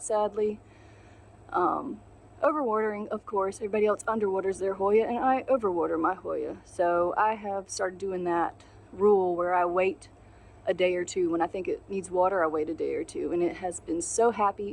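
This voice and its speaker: A woman at an ordinary middle pitch chats her way through a casual houseplant tour outside on a sunny day. She gushes over each plant and pokes fun at her own mistakes, with easy fillers along the way. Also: vocal fry. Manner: chatty, gushing and self-deprecating. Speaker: plant channel host.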